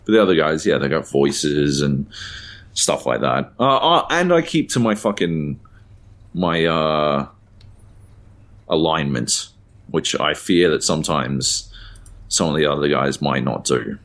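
Speaking at a measured pace, a podcast co-host with an extremely deep but slightly bright voice makes big pitch swings as he chats. His rambling stories are loaded with fillers and casual swears.

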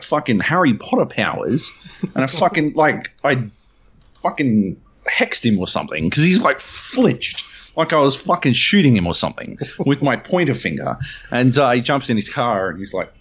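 A man's voice: medium pitch, moderate pace, husky, lo-fi sound. An Australian man co-hosting a podcast, telling a story in casual chat with lots of swearing. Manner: profane, animated storytelling. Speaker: podcast co-host.

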